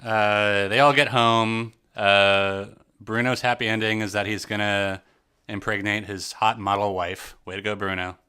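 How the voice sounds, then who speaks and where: Bright-voiced man chatting, lots of fillers. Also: on the low side, fairly even intonation, measured pace, clean tone. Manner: rambling, laughs often, sarcastic asides. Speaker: podcast co-host. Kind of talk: casual movie discussion podcast.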